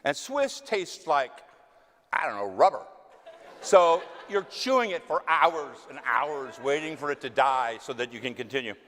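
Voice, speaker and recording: Lively Texan man in a reverberant hall. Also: mid-range voice, unhurried. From West Texas. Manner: animated, self-mocking, acts out quoted voices. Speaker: actor answering audience questions. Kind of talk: casual storytelling Q&A. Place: theater stage.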